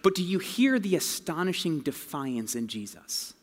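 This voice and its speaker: A man's voice: fairly high pitch, big pitch swings, moderate pace. A man preaching a sermon in a casual, conversational storytelling way, full of slang. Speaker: pastor. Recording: long hall reverb.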